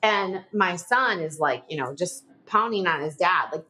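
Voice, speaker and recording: A woman in her forties, a guest on a podcast, tells her story in a loose, chatty way. Her pitch swings up and down a lot, and she fills her phrases with "like" and small nervous laughs. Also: animated, normal speed, pushed and bright. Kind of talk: personal storytelling in a podcast interview.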